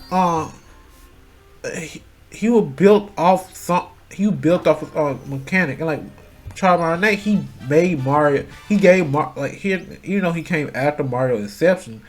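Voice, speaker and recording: A man's voice: on the high side, moderate pace, soft background music. A man in a casual, rambling rant, full of fillers and restarts, swearing freely and growing heated. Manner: grows loud and heated. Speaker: channel host. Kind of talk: casual rant about voice acting.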